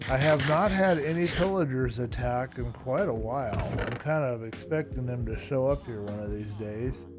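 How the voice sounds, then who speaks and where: A drowsy man chats in a loose, rambling way as he plays, often trailing off. His voice sits at an ordinary pitch. Music runs clearly underneath his talk. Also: normal speed. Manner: low-key, rambling, hesitant, yawning. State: tired and yawning. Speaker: streamer. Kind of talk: casual live-stream chat while playing. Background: background music.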